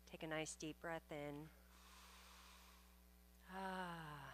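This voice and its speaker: Bright-voiced woman leading a calm blessing. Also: a little hiss or hum. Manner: calm, soothing, invites deep breaths. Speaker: service leader giving the blessing. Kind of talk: guided prayer and affirmation. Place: spiritual center service room.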